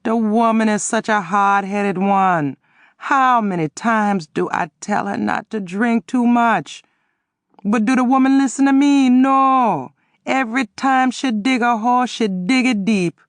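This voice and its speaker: A woman's voice: lowish voice, slow, a little mellow, dry recording. A woman voicing a grown man, a distraught husband who talks in pleading, emphatic bursts. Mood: exasperated.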